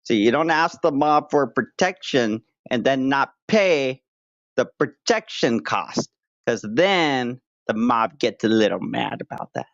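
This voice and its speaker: Crude joking streamer, dull lo-fi sound. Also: male voice, medium pitch, expressive, a little slow, dry recording. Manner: crude, joking, mock-tough banter. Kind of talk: casual livestream chat.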